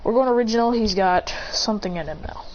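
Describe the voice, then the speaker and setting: A woman improvises a fan story aloud, rambling and restarting as she goes. Her voice sits at a middle pitch, and the recording is a little dull with faint hiss behind it. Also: fast talker, darkish tone. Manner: rambling, makes it up on the spot with restarts. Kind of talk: improvised fan-fiction narration. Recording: slightly muffled with faint hiss.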